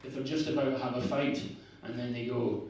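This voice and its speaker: A man's voice: medium pitch, fairly even intonation, a little fast, gravelly, a little mellow, slight background noise. A northeast Scottish man telling stories in a stand-up set, rambling and self-deprecating, with plenty of fillers. He is recorded from some way off in a very echoey bar, with a faint murmur of the room underneath. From Scotland. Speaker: stand-up comedian. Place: bar open mic night. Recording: echoey bar heard from a distance.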